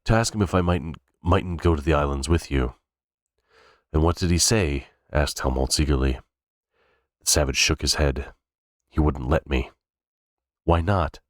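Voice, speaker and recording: A man's voice: very deep voice, normal speed, pauses often, dry recording, clean studio sound. A man reading a novel aloud unrehearsed, stumbling and restarting words now and then. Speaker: reader. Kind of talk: cold-read audiobook narration.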